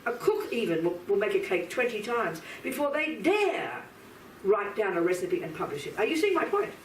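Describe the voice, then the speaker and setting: A woman's voice: mid-range voice, big pitch swings, normal speed, a little hiss or hum. A woman giving a live Buddhist lecture to an audience. She speaks bluntly and with emphasis, addressing her listeners directly. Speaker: Buddhist teacher. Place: teaching room with audience. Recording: roomy hall from a distance, faint ambience.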